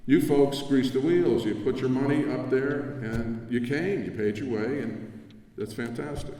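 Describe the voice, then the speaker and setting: An older man delivers a rambling, reminiscing acceptance speech in a dark, mellow voice. He stands well back from the microphone, and his words carry through the long reverb of a large convention hall. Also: mid-range voice, unhurried, slight background noise. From New Jersey. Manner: warm, reminiscing, conversational with asides. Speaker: award recipient giving acceptance speech. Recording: echoey hall from far off.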